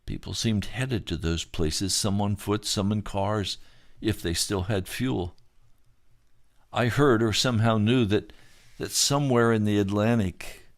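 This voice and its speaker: Male narrator, low register, dry close recording; halting first-person recollection of a dream vision. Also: no echo. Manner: halting, with repeated words and restarts.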